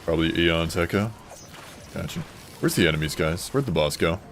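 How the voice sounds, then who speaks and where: Male streamer, very low voice, offhand joking commentary over faint game noise. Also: lively intonation, normal speed, a bit bright. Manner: joking, reading chat aloud, offhand. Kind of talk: casual gaming stream commentary.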